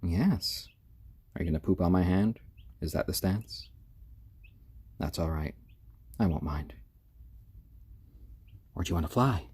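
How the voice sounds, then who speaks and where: Low-voiced man cooing to chicks. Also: slightly rough, no echo. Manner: soft, fond cooing to baby birds; relaxed, halting with many fillers. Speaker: live-stream host showing pet chicks. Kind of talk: casual live-stream chat.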